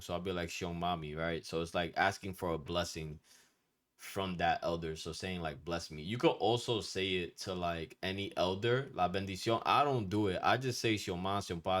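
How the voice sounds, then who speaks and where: Male teacher with a deep voice, loose and slangy, blunt, swears now and then, casual lesson delivery. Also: fairly bright tone. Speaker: Spanish culture teacher.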